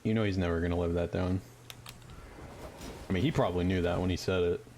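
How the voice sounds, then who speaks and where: A man's voice: sits low, steady tone, fast, dark tone, a little hiss or hum. Joking man streaming a game. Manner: joking, profane, rambling asides. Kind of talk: casual gaming commentary.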